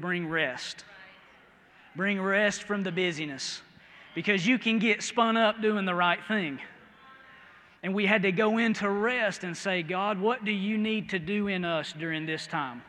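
Folksy preacher man, bright ringing voice. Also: high-pitched, in a large hall. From American Midwest. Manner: folksy, storytelling, swings from quiet to loud. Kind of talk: sermon.

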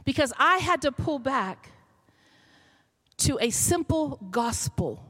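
A woman's voice: sits high, animated, slow pace, pauses often, a bit bright. A middle-aged woman pastor, telling a story in a sermon that builds to emphatic calls.

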